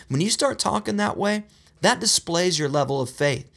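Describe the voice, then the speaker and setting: A man's voice: fairly high pitch, lively intonation, normal speed, gravelly, fairly bright tone. A man preaching a sermon in an earnest, direct way, often calling his listeners "guys" and repeating words for emphasis. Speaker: pastor.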